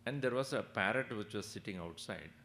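Male spiritual teacher, expressive sing-song delivery with a gravelly edge. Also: fairly low pitch, a little fast, slight background noise. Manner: animated, chuckling, asks the audience questions. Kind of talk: discourse with storytelling.

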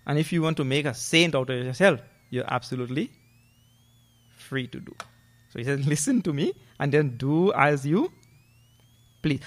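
Man, spiritual teacher, lively swooping voice, questioning tags, chanted verses. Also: high-pitched. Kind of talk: scripture discourse.

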